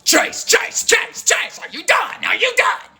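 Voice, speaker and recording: A man voicing a paranoid, panicky young woman who shrieks her lines in a high voice. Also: huge pitch swings, slow, sharp tone, faint music behind, full character voice. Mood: frantic.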